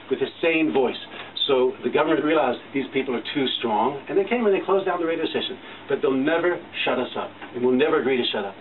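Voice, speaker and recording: A middle-aged man on a news station's staff giving a studio tour, telling stories in an emphatic, impassioned way. He is recorded from a distance on a tinny, hissy recording. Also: medium pitch. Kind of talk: animated storytelling.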